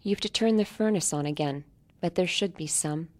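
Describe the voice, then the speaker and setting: A man's voice: on the high side, moderate pace, close to an everyday voice. Woman doing a cheerful young builder.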